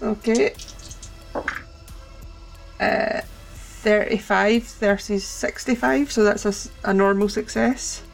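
A woman's voice: medium pitch, steady tone, slow pace, vocal fry, pauses often, faint music behind. A woman playing a tabletop horror game, laughing as she describes her character's actions. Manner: gleeful, laughing through gory descriptions. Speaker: player.

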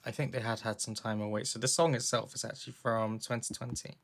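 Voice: medium pitch, little pitch movement, fast talker, vocal fry. A co-host of a casual music podcast who teases dryly and restarts sentences often. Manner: dry teasing, hesitant restarts. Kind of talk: casual chat about music.

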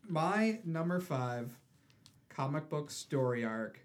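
A man in casual chat, retelling a comic story with quick put-on voices for each character. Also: a little high, animated, a little hiss or hum.

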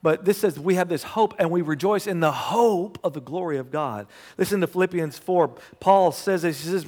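A pastor preaching a sermon, telling stories and building to loud, emphatic passages. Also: male voice, high-pitched, moderate pace, few pauses. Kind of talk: sermon with storytelling. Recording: long hall reverb.

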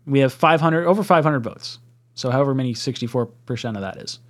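A man co-hosting a casual sports chat stream, animated and self-mocking, breaking into laughs as he tells stories. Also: mid-range voice, fast. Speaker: podcast co-host.

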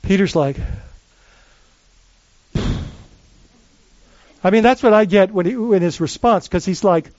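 Man, pastor, sermon, high voice, dry muffled sound, chatty storytelling with restarts. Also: fairly quick, few pauses, no echo. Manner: conversational, animated retelling with many restarts.

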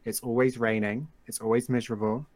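An English man talking casually as a podcast guest. His voice sits at an ordinary middle pitch. He chats in an easygoing, self-deprecating way. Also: little pitch movement, a little mellow. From England. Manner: chatty, self-deprecating, quick laughs. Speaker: game server team member, guest.

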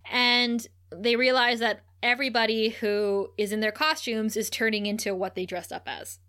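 A woman with a bright, fairly high voice tells an episode recap in a casual, animated way. She giggles often as she talks over the story beats. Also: moderate pace, smooth. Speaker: podcast co-host.

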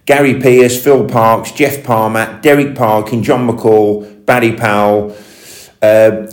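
A man hosting a podcast interview, affirming his guest often and telling quick anecdotes. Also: lowish voice, fairly even intonation. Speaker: podcast host. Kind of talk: conversational interview. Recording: echoey room.

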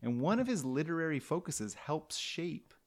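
Gravelly man rambling through a history story. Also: a little high, sing-song, normal speed. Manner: rambling, playful, with restarts and tangents. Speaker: podcast host telling a history story. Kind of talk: casual storytelling chat.

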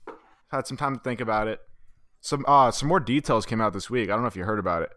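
Smooth-voiced laid-back podcast guy. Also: fairly low pitch, fast, sharp tone, no echo, studio quality. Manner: storytelling, laid-back, casual swearing. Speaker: podcast co-host. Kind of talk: casual sports chat.

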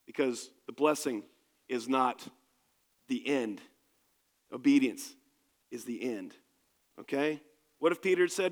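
A man's voice: mid-range voice, unhurried, pauses often, in a large hall. A man preaching a sermon as pastor, speaking in an emphatic, conversational way to his congregation in a church.

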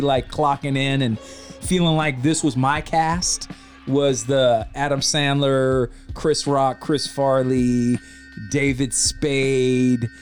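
A man in his forties hosting a casual podcast, joking and reminiscing in a loose, slightly tipsy way. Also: on the high side. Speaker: podcast host.

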